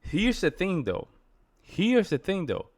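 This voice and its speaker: A man's voice: high voice, huge pitch swings, slow. A man commenting on a debate clip for his viewers, emphatic and repeating his points. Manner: emphatic, repetitive, addressing viewers. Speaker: reaction video host. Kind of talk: reaction commentary.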